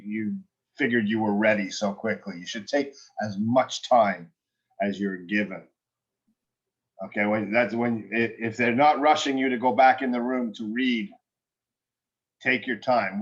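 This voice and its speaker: Man, acting coach, one-on-one feedback, direct, encouraging, halting restarts, medium pitch, slightly muffled audio.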